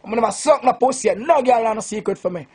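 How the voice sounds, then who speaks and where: A man's voice: very high voice, fast, darkish tone, breathy edge. A Jamaican man, a sound system selector, drunk and boasting in a rambling, profane rant to the camera.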